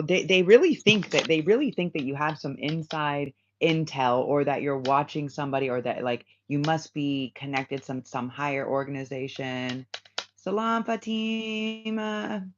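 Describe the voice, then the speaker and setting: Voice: mid-range voice, moderate pace. A tarot reader hosting a casual spiritual reading for viewers, rambling and repeating phrases with many fillers. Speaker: tarot reader, channel host. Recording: slightly dull lo-fi sound with faint hiss.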